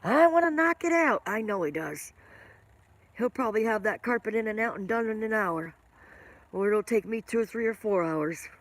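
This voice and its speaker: A woman's voice: mid-range voice, moderate pace, no room sound. An older woman hosting a casual live stream, rambling and chatting with viewers by name, with a smoker's cough.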